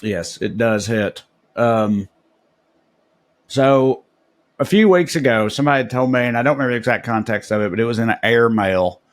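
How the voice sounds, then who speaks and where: A man's voice: mid-range voice, normal speed. A man with a Southern US accent co-hosting a podcast, chatting in a loose, profane, joking way. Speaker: podcast co-host. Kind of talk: casual comedic chat.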